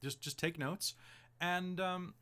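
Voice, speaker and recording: A man's voice: sits high, fairly even intonation, takes it slowly, bright, forceful tone, clean tone. A man hosting a casual podcast, giving game-master advice in a chatty, rambling way full of "like" and "um". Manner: chatty, rambling, heavy use of "like" and "um".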